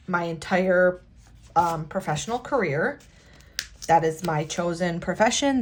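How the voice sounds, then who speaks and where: A woman who is both an immigration attorney and a planner vlogger chats casually while decorating a planner. She speaks low and slowly, halting and emotional, with many restarts.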